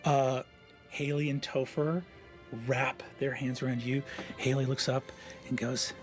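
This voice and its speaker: A man's voice: mid-range voice, level tone, a little slow, faint music behind. Rambling male game master. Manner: rambling, filler-heavy narration. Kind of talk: narrating a tabletop game.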